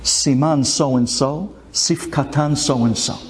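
A man voicing a humble male scholar who speaks calmly and measuredly. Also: medium pitch, slow, in a large hall, voice pushed down, lightly acted.

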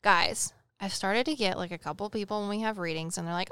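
A woman's voice: mid-range voice, fairly quick, very noisy. A woman co-hosting a chat show as a psychic medium, telling a story with jokes and acting out the dialogue. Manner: animated, jokey, acts out dialogue in quotes. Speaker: podcast co-host, psychic medium.

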